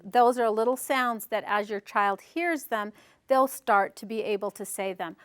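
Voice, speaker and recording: A woman's voice: medium pitch, a little slow, clean tone. A woman leading a parenting workshop on nursery rhymes, talking to a small group and reading in a sing-song, playful way. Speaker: workshop presenter.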